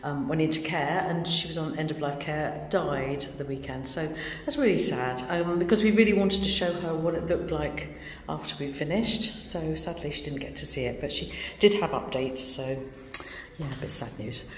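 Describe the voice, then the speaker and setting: A woman's voice: deep voice, moderate pace. A woman vlogging her bungalow renovation in a casual, wry, self-deprecating way, sounding a little tired. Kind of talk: casual home renovation vlog. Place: empty bungalow under renovation, indoors. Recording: echoey bare rooms with hall reverb and background noise.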